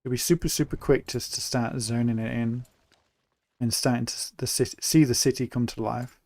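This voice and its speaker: A young man from England talks through a live city-building stream in a relaxed, chatty way, thinking aloud as he builds. His voice sits at a middling pitch with a gravelly, fried edge. The sound is dry and close, with no room around it. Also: a little fast, dry recording. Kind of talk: live gameplay commentary.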